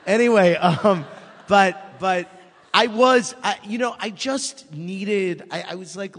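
A man speaking with a slightly raised pitch, an author guest in casual conversation. He tells stories animatedly, acting out the lines of others. The recording carries a long, lingering reverb. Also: unhurried. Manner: animated storyteller, acts out quotes. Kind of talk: casual chat.

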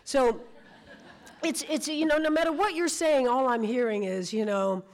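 A woman in her sixties speaks as a guest in an on-stage conversation. She tells her stories in a lively, theatrical way, voicing the characters she describes. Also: high-pitched, normal speed. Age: 60s. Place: event stage before an audience.

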